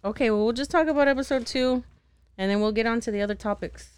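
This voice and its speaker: Animated, swearing young woman podcast host. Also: fairly high pitch, fast talker, clear, resonant tone, no echo. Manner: animated, laughing, swears freely, acts out characters. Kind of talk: casual chat recap.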